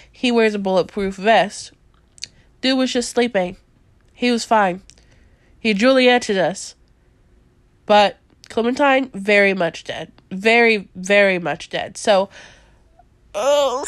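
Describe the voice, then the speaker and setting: A young woman chats about movies on her podcast, her voice sitting a little high. She talks in an animated, rambling way, full of fillers and quick laughs. The sound is dry and close, with no room around it. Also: no room sound. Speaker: podcast host. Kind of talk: casual chat reviewing movies.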